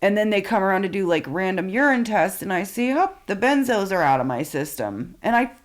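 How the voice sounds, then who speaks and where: A woman's voice: medium pitch, lively intonation, a little fast. A woman in her forties, a podcast guest, frankly telling her own story with plenty of swearing and fillers. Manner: frank and profane, with many fillers. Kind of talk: candid personal storytelling.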